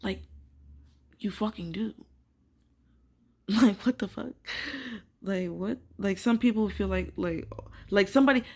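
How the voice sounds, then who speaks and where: A young woman ranting casually to camera, filling her talk with "like" and swearing, swinging from quiet musing to loud disbelief. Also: medium pitch, a little slow, long pauses. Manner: emphatic, swears, many filler "like"s. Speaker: vlogger.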